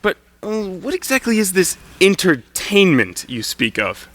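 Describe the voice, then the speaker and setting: A teen boy playing a huffy proper gentleman. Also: high voice, sing-song, a little slow, dry recording, full character voice. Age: teenager. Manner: huffy, incredulous. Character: indignant, exasperated proper gentleman. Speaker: student stage actor. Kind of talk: live school stage play. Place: school theatre stage.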